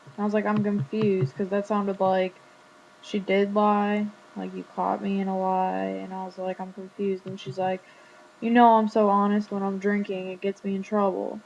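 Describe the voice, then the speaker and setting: Chatty teenage girl, flat lo-fi audio. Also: medium pitch, normal speed, gravelly. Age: teens. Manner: chatty, retelling a conversation with lots of "like". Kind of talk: casual storytelling vlog. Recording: dull lo-fi webcam audio with faint hum.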